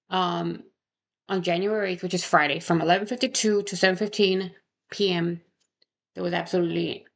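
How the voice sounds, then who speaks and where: A woman's voice: fairly low pitch, gravelly. A young woman casually talking through a true crime case, rambling and correcting herself, with frequent rhetorical questions. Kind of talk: casual chat.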